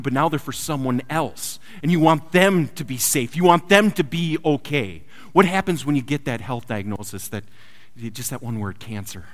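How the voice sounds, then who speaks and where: A man preaching a sermon built around a personal story, swinging from loud urgent lines to quiet hushed ones. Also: mid-range voice. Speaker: pastor. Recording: long hall reverb.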